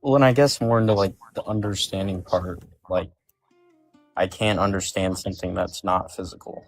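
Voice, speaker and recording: Hesitant low-voiced young man. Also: fairly even intonation, no room sound, soft background music. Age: 20s. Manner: hesitant, halting with fillers. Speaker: caller. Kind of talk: casual conversation.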